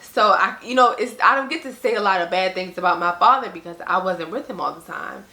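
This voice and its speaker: A young woman speaks in a casual, earnest vlog monologue, her voice bright and forward. She leans on "like" and "you know" and slips into animated quotes of other people. The room around her gives the sound a noticeable echo. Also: mid-range voice, a little fast. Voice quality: conversational, frequent "like" and "you know". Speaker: vlogger.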